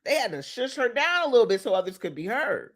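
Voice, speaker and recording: A woman's voice: on the high side, very animated, fast talker. A woman life coach giving a playful motivational talk, laughing often and shushing for emphasis.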